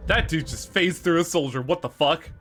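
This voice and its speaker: A man streaming a game live, excitable, swearing and reading game text aloud. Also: fairly high pitch, normal speed, faint music behind. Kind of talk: live gameplay commentary.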